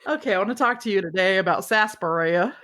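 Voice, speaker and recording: A woman co-hosting a podcast in casual chat, rambling and giggly, with a fairly deep voice and free swearing. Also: fast, fairly bright tone. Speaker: podcast co-host.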